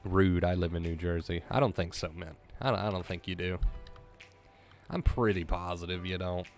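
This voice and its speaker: A man's voice: low-pitched, steady tone, normal speed, soft background music. Emotional male streamer, voice breaking. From US East Coast. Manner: emotional, effusive thanks to viewers. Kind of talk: casual live-stream chat.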